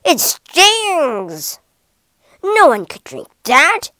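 A woman voicing a loud, boastful male elephant bully in a storybook reading, with a lowered, blustering voice. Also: huge pitch swings, extremely slow, no room sound, clean studio sound, exaggerated voice. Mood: stung. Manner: loud, bragging.

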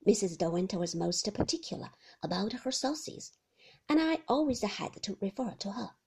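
A woman voicing a cold, formal housekeeper who speaks in a low, measured, half-whispered way in a storybook reading. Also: sing-song, a little mellow, husky, heavily acted.

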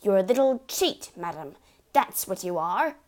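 Woman doing a loud blustering father. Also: medium pitch, animated, measured pace, natural voice. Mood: angry shouting. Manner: loud, bullying, shouting. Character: blustering boastful middle-aged father.

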